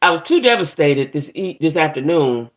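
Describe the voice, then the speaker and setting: A woman's voice: sits low, expressive, moderate pace. A middle-aged woman runs a casual livestream and rants to her viewers. She sounds fed up and aggravated, swears freely, and stops her story to greet people in the chat by name. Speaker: livestream host.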